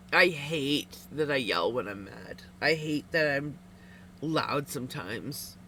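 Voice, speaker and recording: Candid, giggly woman streamer chatting while she knits; lively pitch swings. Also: takes it slowly, slight background noise. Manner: laughs often, candid, rambling. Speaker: livestreamer. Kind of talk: casual chat with viewers while knitting.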